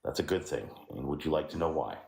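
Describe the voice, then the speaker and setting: A man on a debate stream taunting a caller in a deadpan, provoking way. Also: very deep voice, quick pace, vocal fry. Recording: echoey room with faint noise.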